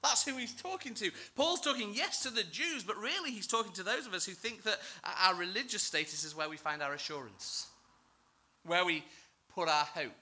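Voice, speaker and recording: A man's voice: high-pitched, expressive, normal speed, sharp tone. A male church minister preaching a sermon in an earnest, emphatic, self-deprecating way.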